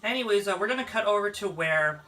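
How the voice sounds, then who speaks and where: Let's play narrator, rambling casual commentary, lively pitch, bright tone. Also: fast, a little hiss or hum. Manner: rambling, laughs often. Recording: distant mic, game music behind.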